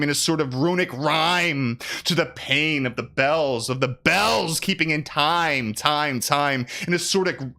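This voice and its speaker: A man's voice: on the high side, pushed and bright. A man giving a dramatic poetry recitation on a stream, theatrical and ranting, chanting repeated words. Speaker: streamer reading aloud.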